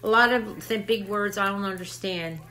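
A woman's voice: medium pitch, normal speed, sharp tone. An older woman hosting a crafts channel, chatting to camera in a rambling way and a little out of breath. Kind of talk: casual chat to camera.

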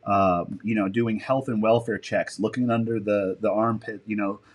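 Here the man's voice sits lowish, moving at a moderate pace with fairly level intonation. As a podcast guest and military dog handler, he tells rambling stories in a casual interview, swearing casually and fixing his words as he goes.

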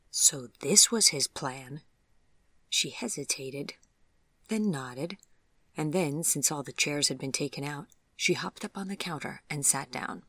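An audiobook narrator reading a story in a soft, hushed, breathy voice. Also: mid-range voice, unhurried, no room sound. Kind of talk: scripted narration.

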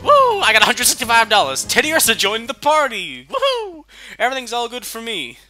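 A man hosting a video game let's play, commenting in an excitable way with loud whoops. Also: very high-pitched, brisk, soft background music. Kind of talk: gameplay commentary.

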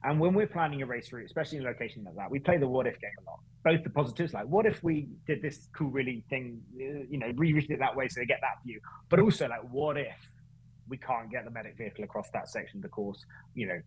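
A man, a guest on a podcast, telling a story in casual, animated chat with frequent restarts and self-corrections. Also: mid-range voice, quick pace, breathy edge, low-quality recording. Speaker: guest, running events founder.

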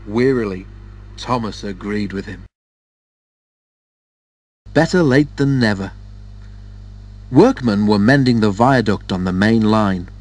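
A man narrating a children's railway story in a steady, measured storytelling voice. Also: fairly low pitch, dry recording. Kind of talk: storybook reading.

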